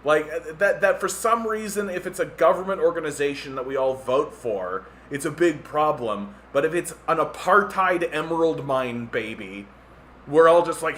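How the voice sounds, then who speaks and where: There's a little hiss or hum behind this fairly high-pitched, fairly bright, expressive male voice speaking at normal speed. A Canadian podcast host, he rants casually with sarcastic mockery, impressions, and lots of "like."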